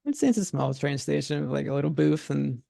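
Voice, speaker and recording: A man runs a tabletop horror game as its game master, his voice heavily gravelly and mellow. He narrates in a relaxed way, chuckling between descriptions. The sound is dry and close. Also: a little high, fast, no echo.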